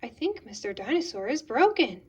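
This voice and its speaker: A curious little girl piglet from a children's storybook, as a woman reader puts her on. She speaks in a high, chirpy, childlike voice. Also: sing-song, moderate pace, darkish tone, breathy edge, recorded from a distance, heavily acted.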